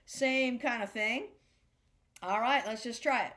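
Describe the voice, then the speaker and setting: Slow-talking woman teaching a drum class. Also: a little high, very noisy. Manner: chants rhythm words slowly in time; chatty, rambling explanations. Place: senior center class room.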